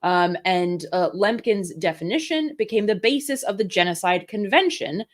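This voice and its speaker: A woman's voice: medium pitch, expressive, normal speed. A woman co-hosting a talk show, chatting casually with dry asides. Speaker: co-host. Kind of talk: casual chat.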